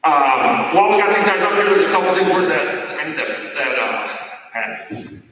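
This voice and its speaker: Folksy coach in a big echoey hall. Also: male voice, a little high, animated, moderate pace, pushed and bright, recorded from a distance, dull audio, slight background noise. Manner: folksy, rambling, with many fillers and restarts. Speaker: football coach. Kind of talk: end-of-season awards speech. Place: large echoey hall at an awards night. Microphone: far from the microphone.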